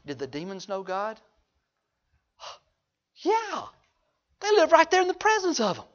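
A man delivers a sermon in a strikingly high voice. He swings between quiet, low asides and loud, driving exhortation. The recording is dull and lo-fi. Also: huge pitch swings, measured pace, pauses often. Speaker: pastor.

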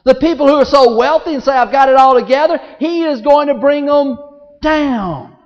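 A man preaching a sermon to a congregation, with big swings in pitch and loudness and many rhetorical questions. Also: normal speed. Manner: speaks to the congregation directly, asks rhetorical questions. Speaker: pastor. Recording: dull audio in a large reverberant hall.

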